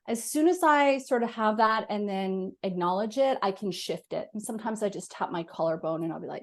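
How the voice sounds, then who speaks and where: Woman medium guest, lively expressive talker, mid-pitched, casual interview. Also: moderate pace. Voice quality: animated, talks with her hands.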